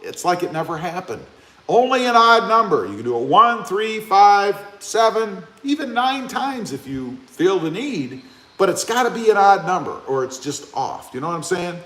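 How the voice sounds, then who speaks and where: A man hosting a live stream in an echoey room, his voice sitting a little high for a man and swinging widely in pitch. He chats casually, reads viewer comments aloud and jokes back at them. His talk is loose and easygoing. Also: very animated, normal speed, sharp tone. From Ohio. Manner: joking, chatty, talks back to viewer comments. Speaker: live-stream host reading chat.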